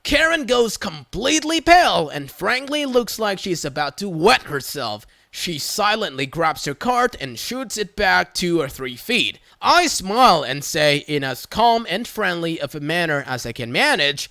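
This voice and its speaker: Lively gravelly story narrator. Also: mid-range voice, unhurried, few pauses, no room sound. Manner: lively storytelling with acted voices. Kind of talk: reading a reddit story aloud.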